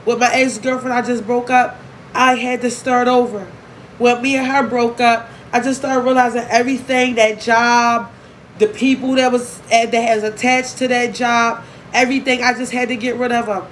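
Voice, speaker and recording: Young woman vlogger, frank, emotional, profane; slightly high voice, faint noise. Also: little pitch movement, poor audio. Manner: candid, emotional, profane, fast-shifting. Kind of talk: emotional casual vlog talk.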